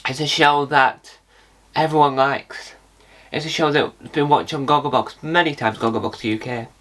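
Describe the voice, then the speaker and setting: A man's voice: medium pitch, steady tone, normal speed, fairly bright tone. A man hosting a casual vlog about a reality show, rambling and jokey and often correcting himself mid-sentence. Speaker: reality TV video host.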